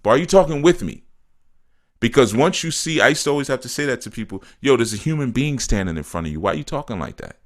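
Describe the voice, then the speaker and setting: Animated man giving a spiritual talk. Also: medium pitch, fast, few pauses. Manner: animated, repetitive, acts out quoted people. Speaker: spiritual teacher.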